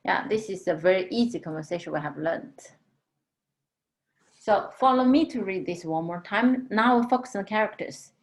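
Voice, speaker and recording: A woman teaching a language lesson, patiently explaining tones and drawing out model words slowly. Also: mid-range voice, expressive. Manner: slow, patient, drawn-out model pronunciations.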